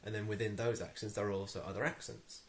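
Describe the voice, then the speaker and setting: A man's voice: fairly low pitch, fairly even intonation, fast, slight background noise. Irritated young Englishman ranting. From England. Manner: irritated, rambling with many ums and restarts. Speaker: vlogger. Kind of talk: ranting to camera.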